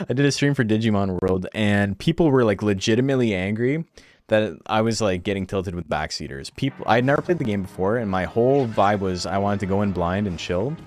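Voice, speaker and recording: A man's voice: fairly low pitch, darkish tone. A young man streaming from home, chatting casually and ranting about his viewers, swearing often. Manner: ranting, swears a lot, quotes chat in mocking voices. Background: faint background music.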